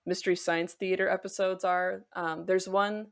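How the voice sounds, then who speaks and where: A woman's voice: on the low side, level tone, normal speed, vocal fry. A woman guest on a podcast, chatting casually and thoughtfully with many fillers. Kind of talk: casual chat.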